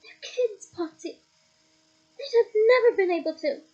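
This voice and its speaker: A woman doing a soft-spoken worried witch. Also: very high-pitched, expressive, a little slow, highs cut off, soft background music, voice pushed up. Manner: soft, pleading.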